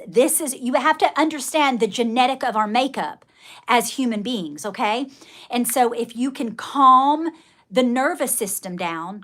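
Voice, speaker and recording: A woman's voice: fairly high pitch, fairly bright tone. A middle-aged woman giving candid, emphatic advice on a live stream, calling viewers darling. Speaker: live-stream life coach answering viewers.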